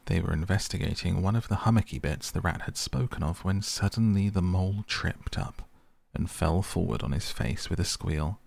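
A man narrating a storybook in a measured, steady reading voice. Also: low-pitched, gravelly. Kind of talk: audiobook narration.

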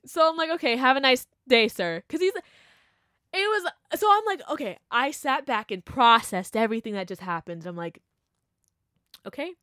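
A young woman telling a story in casual chat, animated and full of fillers, acting out what people said. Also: high voice, normal speed, no echo, studio quality. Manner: animated, chatty, full of "like" and laughter, acts out quotes. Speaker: vlogger.

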